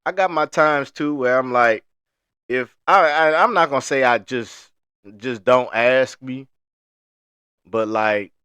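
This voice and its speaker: A man's voice: mid-range voice, slow pace, sharp tone, clear, resonant tone, dry recording. A man co-hosting a podcast, talking in a loose storytelling way full of slang. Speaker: podcast co-host. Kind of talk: casual podcast chat.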